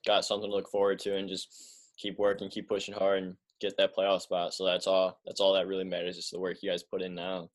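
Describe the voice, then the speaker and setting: A man's voice: sits low, monotone, a little fast. A man hosting a sports podcast, chatting casually and saying "like" often. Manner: casual, heavy use of "like". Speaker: podcast host.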